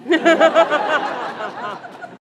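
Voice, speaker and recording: A man's voice: extremely high pitch, wildly swooping pitch, extremely slow, very noisy. A man in his thirties telling comedic stories at a fan convention Q&A, joking and acting out the people in his stories. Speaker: actor answering fan questions on a panel. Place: large convention hall with audience. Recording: echoey convention hall from far off, loud crowd.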